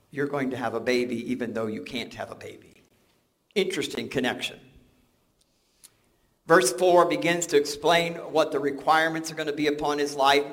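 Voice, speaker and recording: A man's voice: fairly high pitch, fairly bright tone. An older man preaching a sermon, conversational and joking, often restarting his words. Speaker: pastor.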